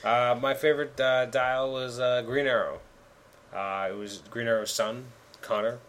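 A man's voice: medium pitch, steady tone, moderate pace, a bit bright. Agreeable man with faint background noise. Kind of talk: casual chat about collectible miniatures game.

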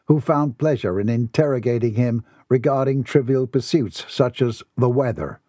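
A man's voice: medium pitch, warm tone, husky, no echo, studio quality. A man narrating a comic novel as an audiobook in a theatrical, wry manner. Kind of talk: scripted narration.

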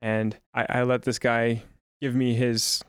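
A man who works as a general manager, telling a story in a brisk, wry way and laughing as he quotes people. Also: medium pitch, little pitch movement, smooth, dry recording, studio quality. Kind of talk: casual storytelling.

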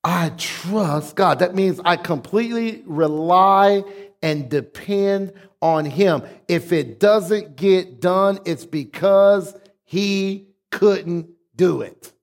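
A man's voice: high voice, slow pace. A man pastor preaching a sermon, emphatic, leading the congregation in call-and-response.

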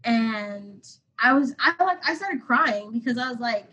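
A woman's voice: on the high side, moderate pace, hardly any pauses, fairly bright tone, muffled recording. A 21-year-old woman from Atlanta, a podcast guest telling a personal story casually and emotionally, rambling with lots of "like". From Atlanta, USA. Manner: rambling, heavy use of "like", emotional.

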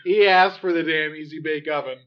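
A man's voice: a little high, fairly even intonation, fairly quick. A man casually discussing a film on a podcast, rambling with many restarts. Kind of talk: casual movie review chat. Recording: dull lo-fi recording.

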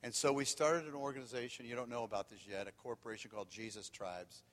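A man preaching, telling candid stories that swing from loud and animated to quiet and hushed. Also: medium pitch, quick pace. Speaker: pastor. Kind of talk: sermon. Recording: long hall reverb.

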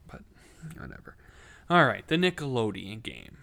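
A man's voice: medium pitch, measured pace, vocal fry, fairly bright tone, clean tone. A young man giving a casual, profane football recap, blunt and exasperated. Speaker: sports commentator.

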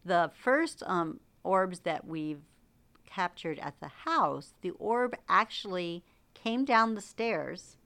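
Middle-aged woman, low register, casual animated storyteller on a chat podcast. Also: takes it slowly, gravelly. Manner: animated storyteller who laughs and acts out quotes. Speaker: podcast co-host.

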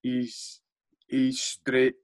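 A young Scottish man, a footballer by trade, spins stories in loose casual chat. He gets animated, swears freely and acts out what others said to him. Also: mid-range voice, very slow. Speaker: footballer guest. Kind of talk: casual storytelling.

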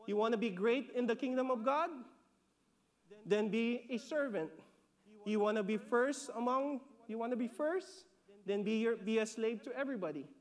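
Filipino guy preaching, high voice, lively, keeps repeating himself and asking okay?. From Philippines. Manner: animated, repeats words, acts out voices of disciples; laughs between points, asks "okay?". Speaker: pastor. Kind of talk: sermon.

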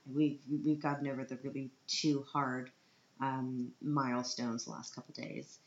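A woman's voice: rumbling low, little pitch movement, measured pace. A woman, a mother, talking in a chatty, self-deprecating and joking way in a casual personal monologue. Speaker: mother giving a personal update. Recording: roomy, dull recording with faint hiss.

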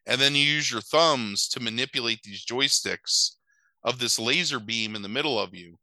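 A man's voice: medium pitch, normal speed, bright, forceful tone, dry recording, poor audio. A man casually retelling a movie plot in a rambling way, full of fillers, acting out the characters' lines. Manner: rambling, filler-heavy retelling with exaggerated quoted voices. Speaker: podcast co-host recapping a movie. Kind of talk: casual chat.

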